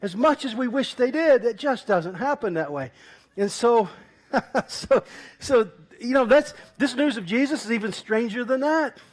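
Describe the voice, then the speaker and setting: A man pastor preaching an animated sermon, telling a story and laughing often. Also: very high voice, measured pace. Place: church.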